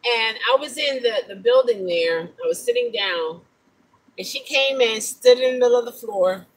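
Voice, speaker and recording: A middle-aged woman with an African-American English accent, a rideshare driver telling stories in a casual vlog, animated and incredulous. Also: a little high, moderate pace, a little hiss or hum, poor audio. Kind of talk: casual talking-to-camera vlog.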